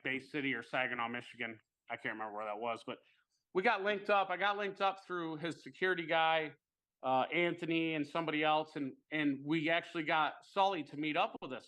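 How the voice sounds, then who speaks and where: A man with a bright, somewhat high voice tells a rambling story in casual chat. He's animated and lively and swears freely.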